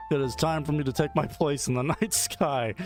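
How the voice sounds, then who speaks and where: A man's voice: on the high side, steady tone, normal speed, soft background music, close to an everyday voice. A man voicing a broken, weeping neighbor who speaks in a mournful, melodramatic way. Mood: despairing. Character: despairing male neighbor, weepy and broken.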